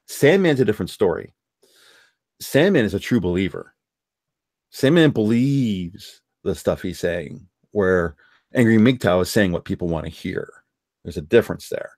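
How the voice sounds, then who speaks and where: A man's voice: deep voice, lively intonation, moderate pace, a little mellow, dry recording, studio quality. A man hosting a live stream, giving blunt, rambling opinions in casual chat. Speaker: streamer hosting a call-in discussion.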